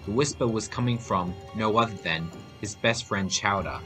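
A man's voice: on the low side, normal speed. A man narrating a homemade horror story aloud. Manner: reading aloud, animated. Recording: faint music behind voice.

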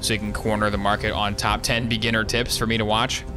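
A man giving casual, sarcastic let's play commentary as he plays, with joking asides and sudden excited yelps. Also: lowish voice, fast, over music. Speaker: gameplay streamer.

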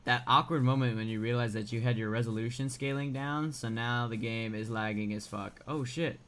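A man giving let's play commentary as a gaming YouTuber, excitable and swearing, often yelling in surprise. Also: medium pitch, moderate pace, a little hiss or hum. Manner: excitable, swearing, frequent startled outbursts.

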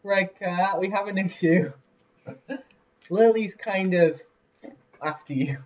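A young let's-play host casually commentates a building game, rambling with plenty of fillers and laughs. His voice sits high and slow, picked up by a distant lo-fi mic.

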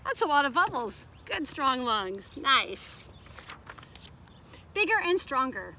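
A woman's voice: high voice, big pitch swings, slow pace, pushed and bright, slight background noise. A woman preschool teacher reading a picture book aloud to young children, asking them questions in a sing-song way.

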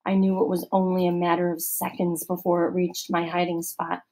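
A woman narrating a children's novel aloud in an expressive storytelling manner. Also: fairly low pitch, moderate pace, rough recording. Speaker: audiobook reader.

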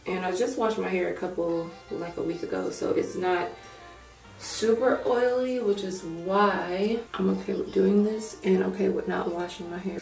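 A low-voiced young woman with a gravelly morning voice chats loosely through a hair tutorial, thinking out loud as she goes. She sits back from the camera in an echoey room at home, and faint music plays underneath. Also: far from the mic. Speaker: hair vlogger. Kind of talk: casual tutorial chat.

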